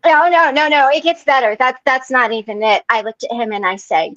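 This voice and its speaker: Woman host on a video call; animated storyteller, higher voice, muffled dry audio. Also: brisk, few pauses, no room sound. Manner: animated storyteller, laughs often. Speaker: meeting host. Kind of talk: casual online support group chat.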